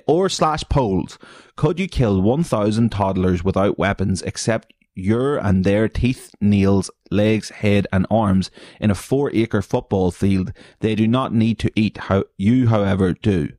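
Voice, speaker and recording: A man hosting a solo podcast, reading online posts aloud and mocking them with heavy swearing, frequent laughs and sudden high silly voices. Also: unhurried, dark tone, no echo, studio quality. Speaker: podcast host.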